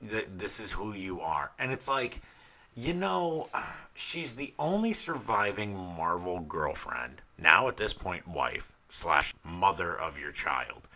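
A young adult man co-hosting a casual podcast, talking in an animated way and swearing freely. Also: low-pitched, slow. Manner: animated, swears freely, loud bursts when quoting scenes. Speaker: podcast co-host.

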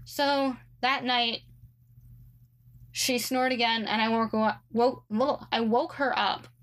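A woman's voice: a little high, fairly even intonation, slow pace, a bit bright. Chatty young woman telling a story. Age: young adult. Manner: chatty, many likes and ums, sarcastic asides. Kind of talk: casual storytelling chat.

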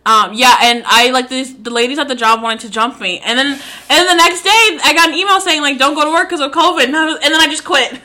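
A woman's voice: sits high, fast talker, pushed and bright. A woman in her twenties co-hosting a podcast in casual chat, candid and profane, laughing often. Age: 20s. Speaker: podcast co-host.

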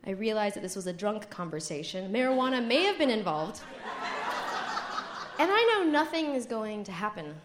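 A young adult woman telling a comedic story to a live audience, animated and giggly, acting out her friends' voices. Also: fairly high pitch, moderate pace, long pauses, noisy background.

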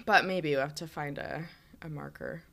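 A woman's voice: deep voice, moderate pace, gravelly, fairly bright tone. A woman in her twenties from the United States, a teacher, telling a rambling story in casual chat with lots of fillers. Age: 20s.

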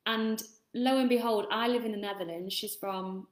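A woman's voice: medium pitch, fairly even intonation, moderate pace. Chatty woman coach, echoey room. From England. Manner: chatty, rambling, swears freely. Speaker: self-love coach. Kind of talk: casual motivational talk.

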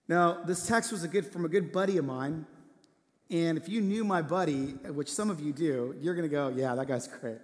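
Male pastor, earnest storytelling sermon, slightly high voice, long church-hall reverb. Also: fairly quick. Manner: earnest storytelling, drops to a hushed voice for tender moments.

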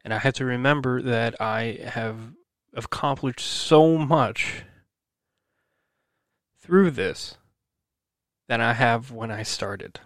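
A man's voice: mid-range voice, slow, long pauses, fairly bright tone, no echo, clean studio sound. Swearing man venting to his listeners. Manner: swearing, rambling, self-encouraging. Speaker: podcast host. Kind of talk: personal venting monologue.

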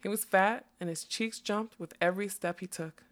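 Soft-spoken woman reading a story. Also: medium pitch, fairly even intonation, normal speed, few pauses. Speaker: narrator. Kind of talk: audiobook narration.

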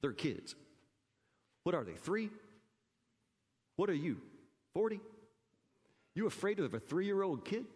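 A man with a high-pitched voice preaches from the pulpit in an emphatic, conversational way, stumbling over repeated words as he drives his points home. His voice rings out with a long reverb in a church sanctuary. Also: very animated, takes it slowly, long pauses, darkish tone, breathy edge. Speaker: pastor. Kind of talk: sermon.

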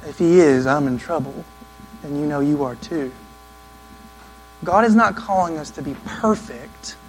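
A man preaching a sermon in an earnest, conversational way, now and then acting out quick asides. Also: on the high side, slight background noise, rough recording. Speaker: pastor.

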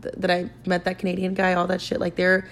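A woman's voice: fairly low pitch, monotone, quick pace. A young woman hosting a podcast who tells a story in a chatty, casual way, swearing freely and using lots of "like" fillers. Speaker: podcast host.

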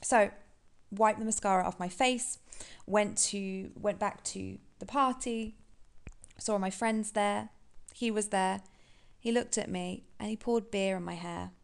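Woman on her podcast, kinda gravelly, telling a hard story, halting and raw. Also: medium pitch, steady tone. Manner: emotional, halting, candid. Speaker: podcast host. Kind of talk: personal storytelling.

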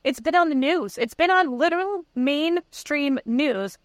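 A young woman co-hosting a podcast, reacting in a quick, playful way in casual chat. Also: high voice, lively intonation, dry recording. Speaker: podcast co-host.

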